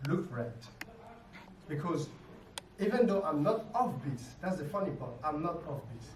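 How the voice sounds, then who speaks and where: A man teaching a dance lesson, explaining ideas simply and ending his points with quick tag questions. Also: fairly high pitch, a little mellow, slight background noise. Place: dance studio. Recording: echoey room, mic far off. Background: music playing.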